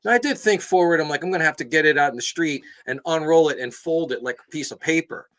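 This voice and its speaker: A man co-hosting a podcast, telling a story in casual chat, animated and laughing as he acts out both sides. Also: fairly high pitch, fast talker. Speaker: podcast co-host.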